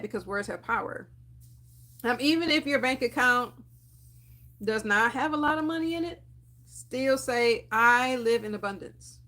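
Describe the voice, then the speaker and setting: A young woman with a slightly higher voice speaks to camera in an animated, encouraging way, often laughing between points. She talks casually, with frequent fillers, like a friend cheering you on. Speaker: dental hygienist and channel host.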